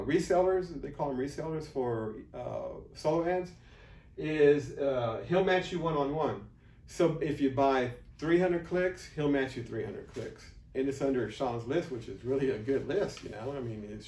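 A man talks through an unscripted sales pitch, rambling, restarting and turning blunt. His voice sits a little high. The room is echoey and he stands well back from the mic. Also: darkish tone, far from the mic. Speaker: affiliate marketer presenting his offer. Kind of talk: unscripted raw video pitch. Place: room, filming himself beside a board.

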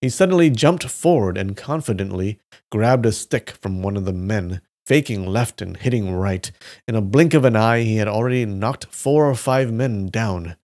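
A man reads a story aloud on a live stream in a lowish voice. His narration is steady and plain. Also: normal speed. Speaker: live reader.

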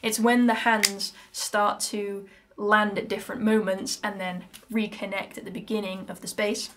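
A woman's voice: medium pitch, flat delivery, normal speed. British woman teaching handpan rhythm. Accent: British English. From Britain. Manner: counts beats aloud, chatty and explanatory. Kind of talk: music lesson. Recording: music playing in background. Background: handpan music.

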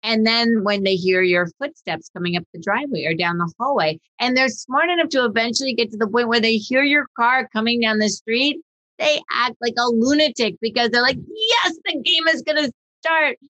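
A woman hosting a dog-training podcast in casual chat, animated and acting out voices of dogs and owners. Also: a little high, a little fast, low-quality recording.

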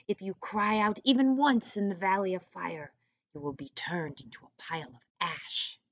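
A woman reading as a croaky wrinkled old man. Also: medium pitch, moderate pace, no echo, highs cut off, lightly acted. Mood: ominous. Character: wrinkled old man at a mountain hut, ominous.

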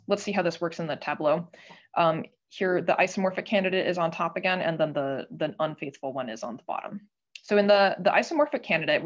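A woman giving an academic talk at a colloquium, explaining step by step in a measured way with frequent filler pauses. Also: fairly low pitch, lo-fi sound. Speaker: guest speaker at a linguistics colloquium. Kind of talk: academic lecture with slides.

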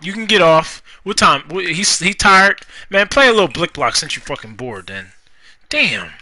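A young man giving casual, profane commentary while playing a life-simulation game, scolding the characters out loud. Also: fairly high pitch, moderate pace. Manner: animated, profane, talks to the game characters, rhymes jokingly. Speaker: gaming YouTuber. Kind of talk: casual Let's Play commentary.

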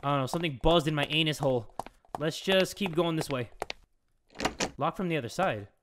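A young man doing let's play commentary on a horror game, excitable, joking crudely and yelling at sudden scares. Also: on the high side, brisk, background noise. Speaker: gaming YouTuber.

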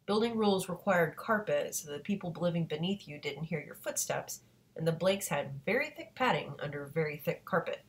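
Low-voiced woman reading a novel aloud. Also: normal speed. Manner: steady reading with occasional self-corrections. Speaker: audiobook reader.

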